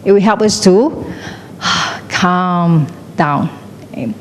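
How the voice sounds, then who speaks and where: Speaking slowly in a lowish voice, a middle-aged female teacher lectures her class, constantly posing questions. She shifts between Chinese and English; the recording has long hall reverb and faint noise.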